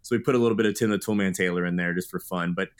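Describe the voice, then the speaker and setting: A man's voice: low-pitched, steady tone, rapid-fire. A man in his thirties, a guest author telling stories in an earnest, upbeat way in a podcast interview.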